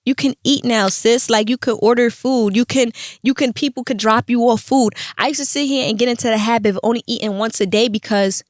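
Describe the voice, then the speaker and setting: Young woman, podcast host, fairly high voice, animated, profane, casual storytelling. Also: a little fast, no room sound, clean studio sound.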